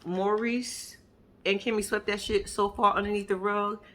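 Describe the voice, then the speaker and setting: Woman vlogger, mid pitch, blunt, profane recap talk. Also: fairly even intonation, normal speed, a bit bright, a little hiss or hum. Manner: blunt, profane, emphatic storytelling; addresses viewers directly. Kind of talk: casual episode reaction chat.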